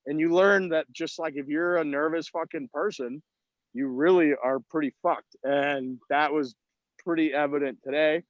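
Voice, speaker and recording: A man with a slightly high voice tells self-deprecating golf stories, swearing freely in a casual, rambling way. He is calling in from outdoors at a golf event. The sound is dull and lo-fi, with little room echo. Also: moderate pace. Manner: profane storytelling, self-mocking. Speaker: podcast co-host. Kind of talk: casual chat.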